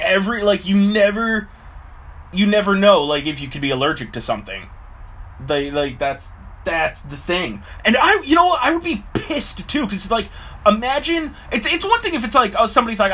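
High, lively man rambling casually. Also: normal speed, husky. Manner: rambling, heavy on fillers, acts out voices. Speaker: vlogger.

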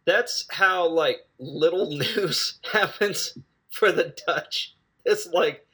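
A man casually recapping a film he watched, rambling and joking with quick asides and self-corrections. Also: on the high side, fairly bright tone, husky. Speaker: film reviewer.

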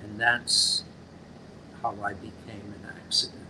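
An older man, an actor, slowly telling stories from his career in a casual interview, acting out the voices he quotes. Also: lowish voice, a little hiss or hum, rough recording. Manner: slow, animated storyteller acting out quotes.

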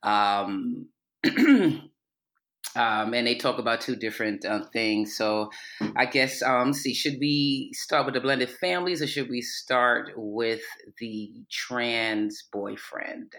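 A woman co-hosting a chatty podcast, with a morning voice because she just woke up. She talks in a relaxed, easygoing way. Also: a bass voice, takes it slowly. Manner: relaxed, chatty, says "you know what I'm saying". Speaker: podcast co-host. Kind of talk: casual chat.

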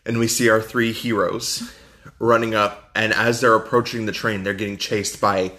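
A man's voice: on the low side, flat delivery, normal speed, bright, forceful tone. A man co-hosting a podcast, retelling a movie in casual chat with blunt, sarcastic asides. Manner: blunt, sarcastic name-calling. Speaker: podcast co-host.

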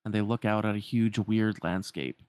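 A man's voice: lowish voice, steady tone, normal speed, darkish tone, smooth, no room sound. Casual man retelling a story. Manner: casual, frequent "like" fillers.

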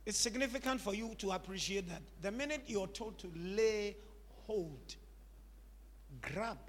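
A man's voice: sits high, a little slow, big-room sound, slight background noise. A man preaching a sermon, emphatic and repetitive, calling on the congregation to repeat after him.

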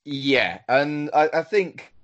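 A man's voice: fairly high pitch, animated, takes it slowly, fairly bright tone, highs cut off. A man co-hosting a casual film chat, making wry, blunt comments. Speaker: podcast co-host.

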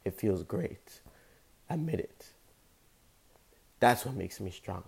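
A man's voice: on the low side, animated, a little slow, gravelly, long pauses, darkish tone, slightly rough. A young man giving an impassioned, rambling motivational monologue as a show host, talking casually with slang. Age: young adult. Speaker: podcast host.

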